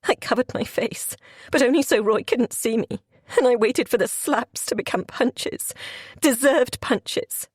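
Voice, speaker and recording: A woman's voice: on the high side, measured pace, slightly rough, dry recording. A woman reading a first-person audiobook in an emotional, confessional way, close to a studio mic. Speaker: audiobook narrator.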